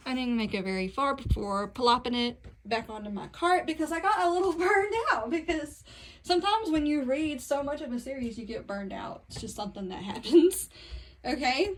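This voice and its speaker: A woman's voice: high-pitched, normal speed, low-quality recording. A young woman with a Southern accent gives a casual, chatty tour of her books, talking to viewers with self-deprecating asides, filmed on a phone in her bedroom. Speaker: book vlogger. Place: bedroom at home. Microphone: phone camera.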